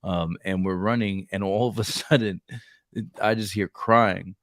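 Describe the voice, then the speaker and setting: Low voiced guy rambling through a story, lots of "like" and "bro", dead dry sound. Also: fairly even intonation, a little slow, no room sound. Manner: storytelling, says "like" and "bro" a lot. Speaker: podcast co-host. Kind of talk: casual chat.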